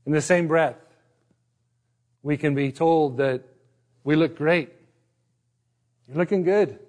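A man's voice: a little high, fairly even intonation, slow pace, a little mellow. A middle-aged man from Northern Ireland with a partly Americanized Northern Irish accent, preaching a sermon in a conversational, self-deprecating way that is full of restarts. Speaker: pastor.

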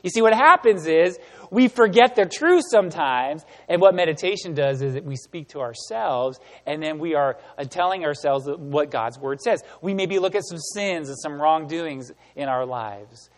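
A man giving a sermon as pastor, animated and emphatic, asking the room rhetorical questions. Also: fairly high pitch, moderate pace, long reverb tail. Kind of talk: sermon teaching.

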